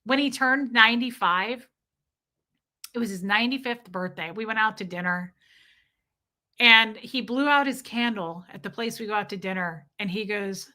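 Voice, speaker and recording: Woman, 30s, vlogger; bright, tense tone; animated, candid storyteller who swears at times. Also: mid-range voice, moderate pace. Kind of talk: casual storytelling to viewers.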